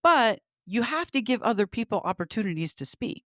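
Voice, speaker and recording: A woman co-hosts a casual podcast, giving opinionated takes in a lively voice that moves up and down a lot. The recording is close and dry. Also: fairly high pitch, a little fast, dry recording. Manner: opinionated, agreeing and giving her own take. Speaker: podcast co-host. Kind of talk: casual chat.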